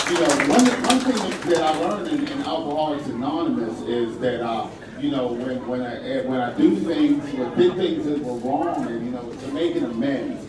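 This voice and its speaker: A man speaking earnestly during public comment at a council meeting, often repeating himself as he pleads. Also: mid-range voice. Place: large meeting hall with a crowd. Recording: echoey hall, distant, crowd noise.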